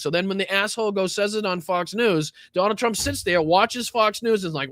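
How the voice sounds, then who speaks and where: A man's voice: sits high, lively intonation, a little fast, few pauses, fairly bright tone, dry recording. A man with a Boston accent hosting live political commentary, sarcastic and profane, breaking into laughing asides.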